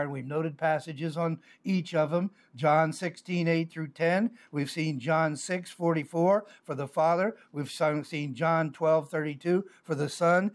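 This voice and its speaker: Man teaching a sermon. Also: on the high side. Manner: reads scripture slowly, then argues conversationally with fillers. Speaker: pastor.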